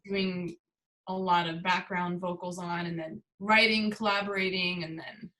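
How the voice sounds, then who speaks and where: A woman's voice: lowish voice, flat delivery, normal speed, bright, forceful tone, poor audio. A woman musician being interviewed, talking casually and thoughtfully with many fillers. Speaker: musician guest.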